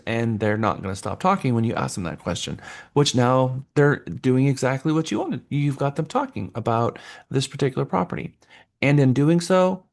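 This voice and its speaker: A man teaching a real estate sales class in an animated lecture style. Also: medium pitch. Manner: lively, acts out buyers' voices.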